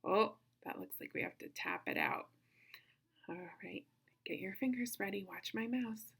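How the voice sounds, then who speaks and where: A woman teaching a kindergarten phonics lesson, sounding out words slowly in an encouraging sing-song way. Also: medium pitch, huge pitch swings, creaky, a bit bright, slightly rough. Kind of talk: phonics lesson for young children.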